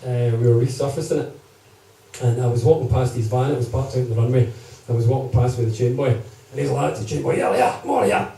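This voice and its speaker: A man's voice: mid-range voice, quick pace, mellow. A man telling comic stories to a live crowd, chatty and checking in with them. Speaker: storyteller at a gig. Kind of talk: comic storytelling to a live audience. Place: live music gig. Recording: echoey live room, distant mic.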